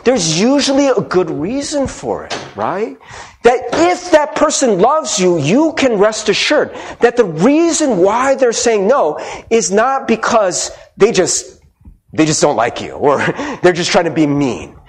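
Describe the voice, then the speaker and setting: Pastor, male. Conversational sermon, expressive delivery, lots of rhetorical check-ins. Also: sits high, measured pace. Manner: animated, conversational, frequent "right?" asides; laughs often and acts out quoted voices.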